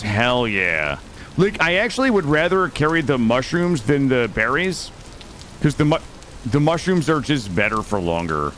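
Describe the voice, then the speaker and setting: A man's voice: medium pitch, very animated, moderate pace, a bit bright, a little hiss or hum. A man streaming a video game live, chatting to his viewers in a jokey, profane, rambling way, close on a studio microphone. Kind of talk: casual live gameplay commentary. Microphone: studio dynamic mic.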